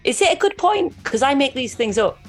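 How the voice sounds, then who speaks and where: A woman's voice: high voice, big pitch swings, a little fast, faint music behind. A woman co-hosting a nature podcast, rambling and giggly in casual chat. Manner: rambling, giggly, lots of fillers. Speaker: podcast co-host.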